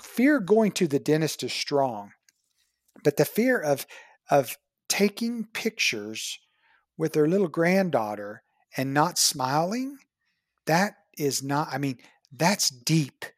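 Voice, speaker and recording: A dentist guest telling a patient story, acting out both sides of the talk with lively pitch jumps. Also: takes it slowly, dry recording, studio quality. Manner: animated, acts out patient dialogue with big pitch jumps. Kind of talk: storytelling in an interview.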